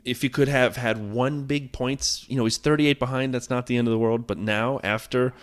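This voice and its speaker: A man's voice: medium pitch, steady tone, moderate pace. A man co-hosting a casual sports podcast, telling the story with wry, self-mocking jokes. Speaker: podcast co-host.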